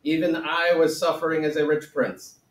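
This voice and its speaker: A man's voice: fairly high pitch, flat delivery, normal speed, reverberant, distant mic, close to an everyday voice, rough recording. A male teacher playing a jokey wise sage in comic classroom role-play, with a wobbly put-on accent and theatrical delivery. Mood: mock-solemn. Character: man playing the Buddha as a mock-solemn sage.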